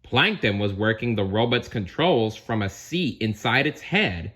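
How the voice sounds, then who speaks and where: A man reads a storybook aloud in a low, bright voice, taking his time. He adds chatty asides to the listener, his pitch rising and falling with lively expression. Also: unhurried, breathy edge. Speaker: narrator.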